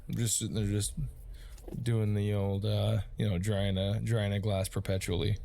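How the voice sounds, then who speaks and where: A man's voice: on the low side, level tone, moderate pace, gravelly, noisy background. A man narrating a tabletop game as game master, casual and rambling with lots of fillers.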